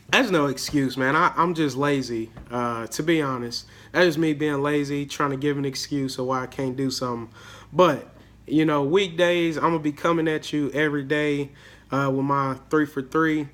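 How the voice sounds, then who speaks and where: Young male host, slightly sick, bright forceful voice, slangy hype talk. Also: on the high side. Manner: hyped, slangy, repeats words and says "man" often. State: a little sick. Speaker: daily fantasy sports video host. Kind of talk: casual solo video commentary.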